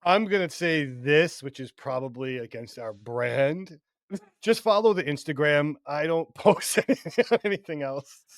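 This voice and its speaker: A man's voice: a little high, a little slow, dry recording, clean studio sound. A man co-hosting a podcast, rambling and joking in casual chat. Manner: joking, rambling, laughs often. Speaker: podcast co-host.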